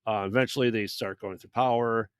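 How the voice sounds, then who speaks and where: A man's voice: mid-range voice, steady tone, fairly quick, smooth, dry recording, clean studio sound. A man co-hosting a podcast, recapping a bad movie in loose casual chat and acting out characters' lines along the way. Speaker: podcast co-host.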